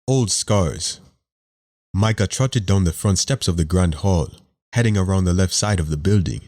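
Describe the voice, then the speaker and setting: A man with a very low voice narrates a fantasy audiobook. He reads steadily and in a measured way, like scripted narration.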